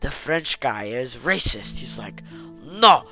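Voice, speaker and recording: A man recapping a war game's story as a joke, animated and sarcastic. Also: a little high, normal speed, over music. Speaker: gaming YouTuber. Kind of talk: comedic game story recap.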